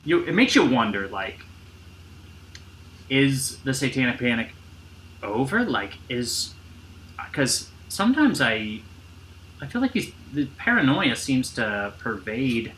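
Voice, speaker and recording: Guy hosting a podcast, bright voice, rambles and swears a lot, bit of faint hiss. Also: medium pitch, very animated, slow pace, pauses often, rough recording. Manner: rambling, restarts often, swears casually. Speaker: podcast host. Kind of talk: casual chat. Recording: faint background noise.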